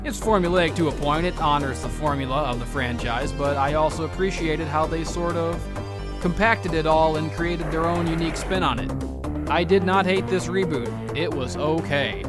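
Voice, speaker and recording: A man's voice: fairly high pitch, normal speed, loud music behind the voice. A man in a casual movie review, talking in a profane, rambling, jokey way. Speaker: horror vlogger.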